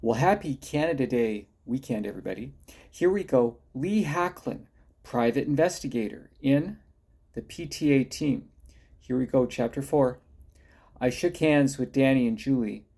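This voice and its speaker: A man's voice: mid-range voice, measured pace, gravelly, dark tone. A man reading his own detective story aloud, with a wry, folksy manner.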